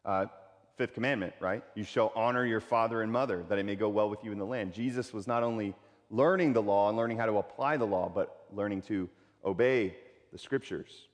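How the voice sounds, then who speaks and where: A pastor preaching a sermon in a conversational way, repeating key phrases for emphasis. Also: male voice, fairly low pitch, a little fast, long reverb tail.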